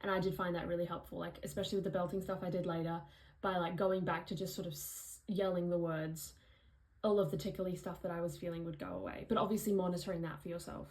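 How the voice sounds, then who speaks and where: A woman's voice: fairly low pitch, flat delivery, fast talker, a little mellow, rough recording. A young Australian woman with an Australian accent, recapping a singing lesson in a chatty vlog full of "like" fillers. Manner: chatty, frequent "like" fillers, demonstrates vocal sounds. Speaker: vlogger, musical theatre singer.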